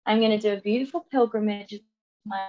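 A woman from England, a podcast guest, talking things through in halting bursts with repeated words. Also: medium pitch, steady tone, lo-fi sound. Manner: halting, repeats words, acts out quoted lines. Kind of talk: reflective conversational interview.

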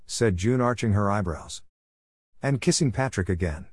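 A man reads a comic story aloud in a low, even voice with a wry edge. The sound is dry and close, with no room around it. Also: normal speed, breathy edge, no echo. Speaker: narrator. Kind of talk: storytelling reading.

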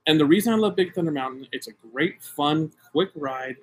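A man's voice: on the high side, animated, a little fast, slightly rough. A middle-aged American man and podcast co-host, telling a story in casual chat with emphatic, self-mocking energy.

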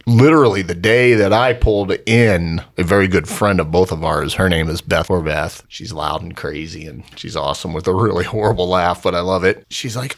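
A man in his fifties, a podcast guest, telling a story in a joking, animated way and acting out what people said. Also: sits low, a little fast, hardly any pauses. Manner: joking, animated, acts out quotes in voices. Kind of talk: casual storytelling interview.

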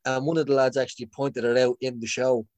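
A man's voice: mid-range voice, level tone, quick pace, darkish tone, dry recording. Rambling man, dry close sound. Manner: rambling, many restarts and fillers; laughs often. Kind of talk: casual chat.

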